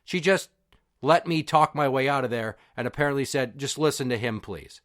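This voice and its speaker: A man's voice: mid-range voice, normal speed, a bit bright, dry recording, studio quality. Blunt, swearing middle-aged man. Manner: blunt, profane and heated. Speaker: podcast host. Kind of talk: personal storytelling monologue.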